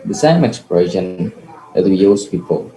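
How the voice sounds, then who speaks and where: A man's voice: low-pitched, animated, unhurried, dark tone. A young man with an Indonesian accent, not a native English speaker, working through a physics problem on a video call, hesitant and often correcting himself. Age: young adult. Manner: hesitant, frequent "okay" and self-corrections. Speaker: student presenter. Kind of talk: explaining physics calculations. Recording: echoey room with faint noise.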